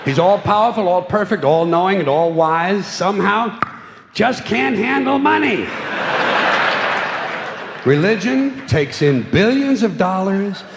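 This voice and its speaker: A man's voice: high voice, animated, measured pace, gravelly, a crowd in the background. A male stand-up comedian delivering a sardonic, mocking routine, recorded in an echoey theater. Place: theater stage before a live audience. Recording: echoey hall, audience laughter, noisy.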